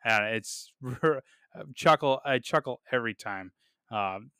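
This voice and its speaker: Guy chatting on his movie podcast, bright crisp voice, lots of uhs and restarts. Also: mid-range voice, lively intonation, takes it slowly, no echo, studio quality. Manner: chatty, many filler "uh"s and restarts, chuckles. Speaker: podcast host. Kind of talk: casual movie review podcast.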